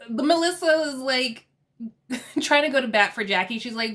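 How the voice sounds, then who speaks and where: A woman's voice: on the high side, moderate pace, a bit bright. Chatty woman recapping reality TV. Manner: chatty, laughs often, acts out quotes. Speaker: TV recap host.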